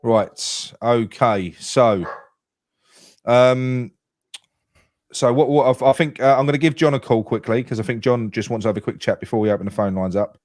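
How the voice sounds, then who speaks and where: A man's voice: mid-range voice, normal speed, a little mellow, no room sound, studio quality. A man hosting a casual football podcast, rambling and restarting his sentences. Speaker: podcast host.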